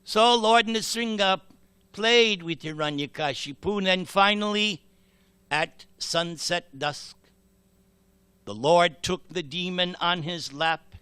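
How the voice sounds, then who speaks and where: Slow, bright-voiced male storyteller preacher. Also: high-pitched, clear, resonant tone, no room sound. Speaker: temple speaker. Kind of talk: sermon storytelling.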